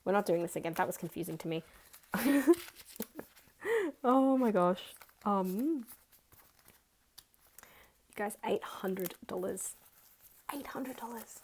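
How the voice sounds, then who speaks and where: A woman in her twenties with an Australian accent, chatting excitedly and counting money aloud in a casual budgeting vlog. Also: medium pitch, slow pace, pauses often. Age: 20s. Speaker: budgeting vlogger. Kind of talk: casual chat.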